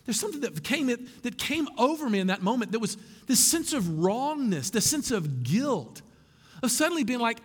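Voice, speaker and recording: A man preaching a sermon as pastor, animated and conversational with asides to the congregation. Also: very high-pitched, normal speed, husky, in a large hall.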